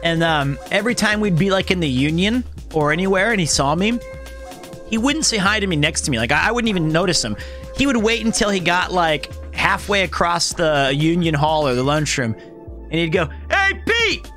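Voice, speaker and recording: A man in his thirties with a high, bright, sharp voice chats loosely on a live stream. He rambles through self-mocking tales and cracks jokes. Soft music plays behind him. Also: normal speed. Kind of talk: casual chat with live chat.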